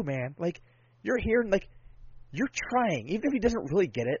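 A man's voice: sits high, sing-song, a little fast, husky, no room sound, muffled recording. A man in casual podcast chat, rambling and swearing freely with lots of enthusiasm.

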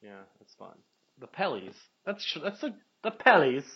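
A man with a fairly high, very lively voice rambles through casual sports talk, joking and correcting himself as he goes. The audio is dull and lo-fi, like a home podcast. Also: normal speed, husky. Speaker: podcast co-host.

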